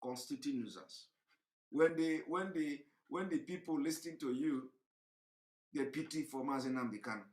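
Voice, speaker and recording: A man giving impassioned livestream commentary, preachy and repetitive, firing rhetorical questions and swinging between shouting and low tones. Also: moderate pace, roomy sound. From Nigeria. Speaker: online broadcaster.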